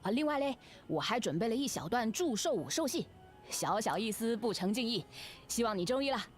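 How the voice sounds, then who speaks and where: A woman's voice: a little high, animated, a little fast, faint music behind, natural voice. A woman voicing a cheerful young woman in a game who teasingly invites a friend to a birthday feast. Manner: chatty, teasing, generous. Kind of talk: game character dialogue.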